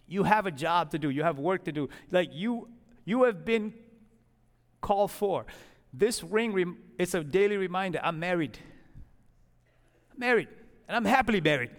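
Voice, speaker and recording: A man with a high voice preaches in a casual, conversational way, building into a fervent prayer. His voice rings with a long hall reverb in a church. He sounds middle-aged and speaks as a pastor to his congregation. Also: normal speed. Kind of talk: sermon and closing prayer.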